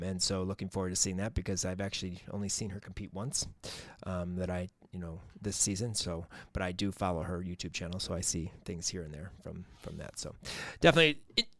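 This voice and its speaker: A man's voice: lowish voice, a bit bright, no room sound. Dry-sounding male podcast co-host. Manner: rambling, lots of fillers and restarts. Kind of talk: casual sports chat.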